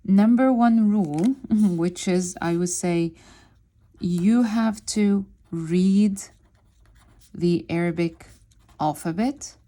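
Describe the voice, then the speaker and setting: A woman teaching a reading lesson, stretching out each syllable at an unhurried pace. Her voice sits a little low and sounds mellow. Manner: slow and deliberate, sounding out syllables. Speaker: Arabic teacher. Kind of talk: spoken lesson while writing on a board.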